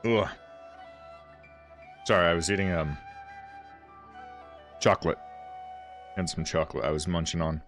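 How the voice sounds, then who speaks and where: A man's voice: a bass voice, fairly even intonation, racing, few pauses, a bit bright, faint music behind. A man streaming a game, chatting casually and rambling with his viewers. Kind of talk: casual livestream chat.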